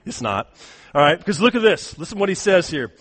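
A man delivers a sermon in a notably high voice. He moves from quiet, hushed asides to loud, shouted peaks. He often stumbles and repeats words as he restarts his phrases. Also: sing-song, fairly quick, slightly rough. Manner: impassioned, swings from hushed to shouting. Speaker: pastor.

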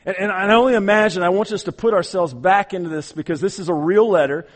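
A man preaching a sermon as pastor, earnest, often repeating words and swinging from loud to hushed. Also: high-pitched, fast talker, big-room sound.

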